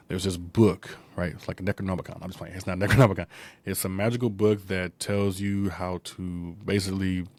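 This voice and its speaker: A man whose voice sits low with a darkish tone, captured without echo, hosts an easygoing film podcast. His recap wanders with many fillers and side remarks, and he jumps into short character impressions.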